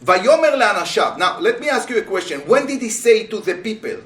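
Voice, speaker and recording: A man teaching a Torah class as a rabbi, speaking with animated rhetorical questions to his students. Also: sits high, brisk. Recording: roomy, voice from a distance.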